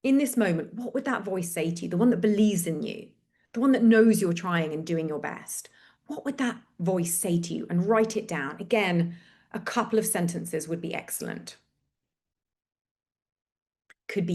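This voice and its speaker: A woman hosting a webinar, leading a slow, gentle guided reflection exercise over a video call with repeated prompts. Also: on the low side.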